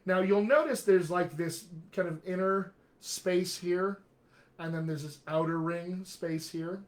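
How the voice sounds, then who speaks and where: A middle-aged man, a dialect coach, giving an energetic, jokey live-streamed lesson, often checking in with "all right?". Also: sits high, a little slow. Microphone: webcam or computer mic on a live video stream.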